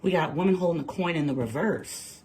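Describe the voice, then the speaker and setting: A woman tarot reader chatting casually and telling an animated story, laughing and using slang. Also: deep voice, brisk, very noisy. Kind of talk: casual chat. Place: home kitchen, early morning.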